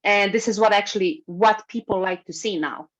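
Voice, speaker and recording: A woman giving a workshop talk over a video call, speaking in a lively way and moving as she talks. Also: mid-range voice, normal speed. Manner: lively, moves while speaking. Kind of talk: webinar talk. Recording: slightly muffled video call recording.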